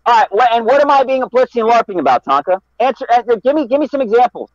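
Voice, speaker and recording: A man's voice: very high-pitched, animated, racing, no echo, lo-fi sound. A man arguing heatedly on a live stream, defensive and insistent, repeating his questions. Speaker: debate guest.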